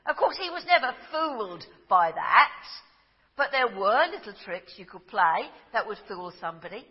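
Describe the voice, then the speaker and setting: A middle-aged woman, preaching a sermon in a gentle storytelling manner that drops to a hush at tender moments. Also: mid-range voice, sing-song, normal speed, husky, big-room sound, highs cut off.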